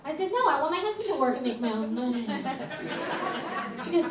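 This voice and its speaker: A woman in her forties doing a stand-up set, delivering deadpan one-liners and laughing at her own jokes. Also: high voice, brisk, pauses often. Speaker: stand-up comedian. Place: comedy club stage. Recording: echoey club from far off, loud crowd. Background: loud crowd laughter and room noise.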